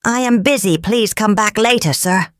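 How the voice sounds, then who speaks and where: A woman voicing a brisk, plainspoken male blacksmith in a storybook. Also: medium pitch, no room sound, studio quality, pitched above the performer's own voice, natural voice.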